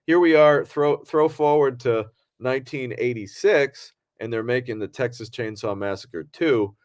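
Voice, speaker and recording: A man's voice: medium pitch, a little slow, dry recording, studio quality. A man co-hosting a podcast, talking casually in a rambling way with many fillers and restarts. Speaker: podcast co-host.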